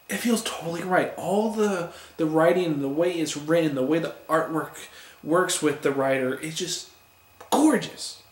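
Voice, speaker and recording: Male comic reviewer, fairly high voice, gushing and rambling, recorded in a roomy space. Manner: enthusiastic, rambling, stumbles over names. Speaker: comic book reviewer on a video channel. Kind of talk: casual spoken review. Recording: echoey room.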